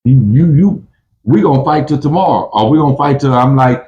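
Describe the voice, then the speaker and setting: A man's voice: medium pitch, fairly quick, a little mellow, highs cut off. A man telling prison stories in casual talk, full of street slang and restarts, who acts out both sides of a fight in a raised voice. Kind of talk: casual storytelling.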